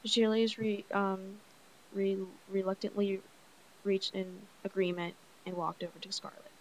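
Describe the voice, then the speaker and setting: A woman's voice: mid-range voice, level tone, normal speed, a little hiss or hum, poor audio. Young woman reading aloud, stumbling and enthusiastic. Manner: stumbling, enthusiastic, frequent restarts and laughs. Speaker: reader. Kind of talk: reading a novel aloud with commentary.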